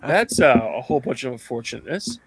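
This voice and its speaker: A man co-hosting a casual podcast chat, telling animated stories, laughing often and acting out other people's lines. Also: on the high side, normal speed, no echo. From Canada. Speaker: podcast co-host.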